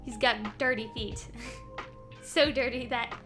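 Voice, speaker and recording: A woman's voice: on the high side, steady tone, takes it slowly, music in the background. A woman streamer chatting casually as she recaps a game series, rambling with lots of ums and small laughs. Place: home streaming setup.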